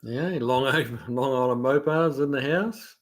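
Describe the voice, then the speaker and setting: A New Zealand man hosting a casual livestream, easygoing and chatty, often laughing and pausing on fillers as he reads out viewer comments. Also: mid-range voice. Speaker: livestream host. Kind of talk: casual live chat, reading out viewer comments.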